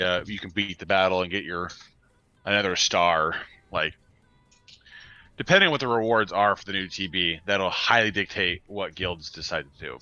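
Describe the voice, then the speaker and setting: A man's voice: low voice, sharp tone, no echo. A man co-hosting a gaming live stream in casual chat, laughing now and then between points. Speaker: co-host of a game live stream. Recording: dull, lo-fi sound.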